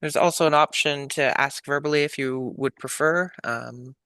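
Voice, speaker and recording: A man moderating an online public meeting, reading out questions from attendees in a friendly, relaxed and upbeat way. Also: mid-range voice, moderate pace, clear, resonant tone, no echo.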